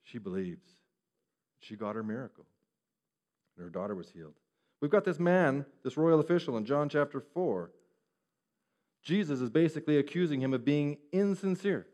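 A man preaching a sermon who keeps asking the listeners questions and moves between hushed and raised delivery. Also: a little high, expressive, normal speed, long pauses, lo-fi sound. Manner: asks the listeners rhetorical questions.

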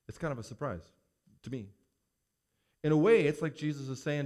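A man preaching a sermon as a pastor, reading scripture aloud and commenting on it with animated emphasis. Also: fairly high pitch, a little fast. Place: church.

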